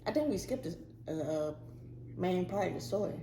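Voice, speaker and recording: A woman's voice: medium pitch, expressive, a little fast, warm tone. A woman co-hosting a casual chat, chiming in with short reactions. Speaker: co-host. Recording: roomy echo, faint hiss.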